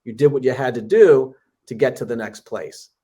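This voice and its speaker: A man's voice: medium pitch, normal speed, dark tone, breathy edge. A man hosting a podcast interview who draws out motivational lessons in an encouraging way. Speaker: podcast host. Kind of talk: interview conversation.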